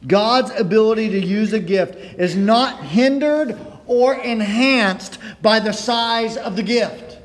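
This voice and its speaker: A preacher with a high, ringing voice delivers a lively sermon, spinning stories and voicing characters along the way. When he gets fired up his words tumble together. The sound rings with the long reverb of a large hall. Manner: storytelling with playful voiced quotes. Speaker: pastor.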